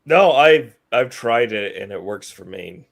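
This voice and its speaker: A man's voice: mid-range voice, lively intonation, a little slow, vocal fry. A man co-hosting a casual livestream chat, laid-back and stammering on restarts.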